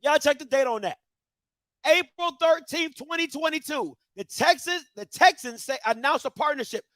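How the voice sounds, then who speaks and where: High-voiced man ranting emphatically. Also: animated, normal speed, fairly bright tone, dry recording, studio quality. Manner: emphatic, repeating rhetorical questions to viewers; preacher-like call-and-response cadence. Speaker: commentary show host. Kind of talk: heated commentary rant.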